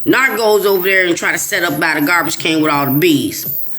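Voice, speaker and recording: A woman's voice: lowish voice, a little fast, faint music behind. A middle-aged woman from Chicago's West Side, telling a story in casual chat with lots of laughter and quoted voices. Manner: animated, laughing, quoting others in voices. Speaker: host. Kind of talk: casual storytelling to a live audience.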